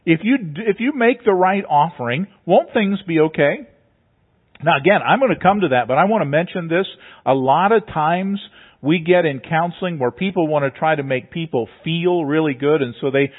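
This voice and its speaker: A man's voice: a little high, lively intonation, normal speed. A man preaching a sermon, explaining a passage step by step in a teacherly way and often repeating words as he goes. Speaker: pastor. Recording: tinny phone-like sound.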